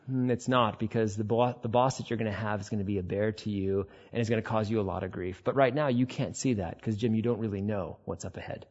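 A man voicing God as a calm, patient male divine voice, quieter and lower than his preaching, with a husky tone. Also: fast, hardly any pauses, muffled recording, natural voice. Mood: patient, gentle.

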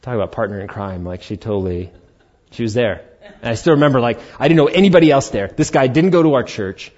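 Speaking quickly in a medium-pitched voice, a middle-aged pastor shares a personal story from the pulpit. His delivery is lively and conversational as he plays out the dialogue, though the audio sounds dull and lo-fi.

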